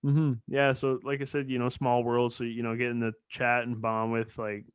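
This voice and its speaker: A man's voice: medium pitch, completely flat delivery, moderate pace, smooth, no room sound. A man from Newfoundland hosting a podcast interview, chatty and hesitant with many fillers. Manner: friendly, filler-heavy, hesitant. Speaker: podcast host. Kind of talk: casual interview.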